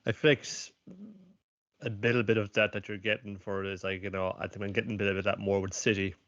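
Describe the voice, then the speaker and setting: Low-voiced man on a dull line. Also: flat delivery, quick pace, a bit bright. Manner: rambling, retells scenes in put-on voices. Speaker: podcast co-host. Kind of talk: casual chat about anime. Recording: dull lo-fi sound.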